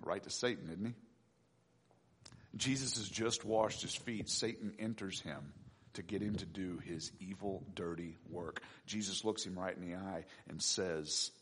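A man preaching a sermon with emphatic delivery and sudden loud peaks. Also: on the low side, animated, measured pace, long pauses, husky. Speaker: pastor.

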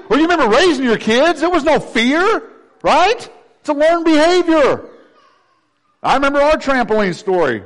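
Animated preacher, man. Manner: swings from hushed low intensity to loud animated preaching. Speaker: pastor. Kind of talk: sermon.

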